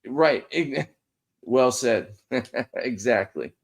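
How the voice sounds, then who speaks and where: A man from Pennsylvania hosting a casual sports podcast, agreeing often with quick affirmations. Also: medium pitch, animated, gravelly, husky. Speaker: podcast host.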